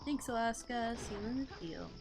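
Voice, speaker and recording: A woman's voice: on the high side, fairly quick, background noise. A young woman co-hosting a live stream, chatting casually, laughing often and thinking aloud. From United States. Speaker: streamer co-host. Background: game music.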